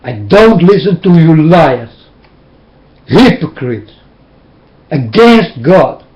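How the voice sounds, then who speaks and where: Brief: high-pitched man, slow and intense, preaching warnings at a webcam. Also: big pitch swings, a little mellow, rough recording. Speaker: self-styled preacher. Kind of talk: webcam sermon.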